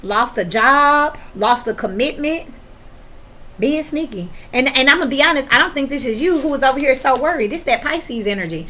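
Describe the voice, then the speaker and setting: A woman's voice: high voice, lively intonation, moderate pace, pushed and bright. A woman giving a casual tarot reading, talking straight to the viewer in a blunt, slangy, profane way that gets worked up, with sudden laughs. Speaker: tarot reader.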